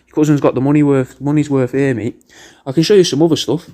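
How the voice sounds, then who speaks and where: A man's voice: mid-range voice, fairly even intonation, quick pace, warm tone. A man hosting a podcast, delivering a rambling, sweary comedic roast and calling the listener "mate" constantly. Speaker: podcast host recording paid video messages.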